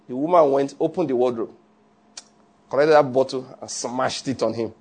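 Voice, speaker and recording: A man preaching a sermon in an animated way, often checking with his listeners. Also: medium pitch, normal speed, husky. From Nigeria. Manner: animated, asks the audience often.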